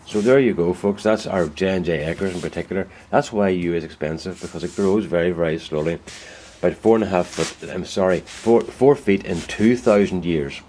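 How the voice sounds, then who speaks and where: A deep-voiced man talks casually in his woodworking shed. He rambles in a folksy, easygoing way and often corrects himself mid-sentence. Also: normal speed, hardly any pauses, warm tone, slight background noise. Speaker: woodturner. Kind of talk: casual workshop vlog.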